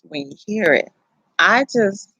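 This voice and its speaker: A young adult woman, telling a personal story to camera in a candid, profane, animated way. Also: medium pitch, slow pace, slightly rough, no echo, low-quality recording. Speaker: vlogger.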